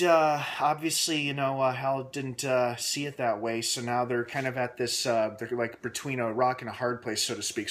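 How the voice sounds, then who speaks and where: A man giving a casual, rambling spoken recap of a TV episode from home, animated and full of fillers. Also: mid-range voice, slight background noise. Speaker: show recap reviewer.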